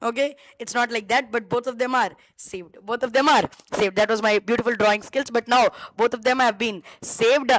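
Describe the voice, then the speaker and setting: A woman teacher gives a law lecture in a fairly high voice with a Tamil-influenced Indian English accent, repeating key phrases and quizzing students by name. The recording is dry and the audio quality is poor.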